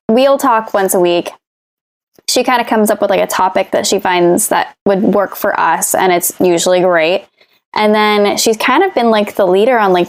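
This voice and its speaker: A woman guest on a podcast, talking casually and chattily with frequent "like" fillers. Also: medium pitch. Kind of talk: casual chat.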